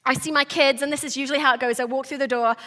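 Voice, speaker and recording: Bright, high-voiced woman preaching earnestly. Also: fairly even intonation, very fast. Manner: earnest, emphatic, conversational. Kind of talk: sermon. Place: church service.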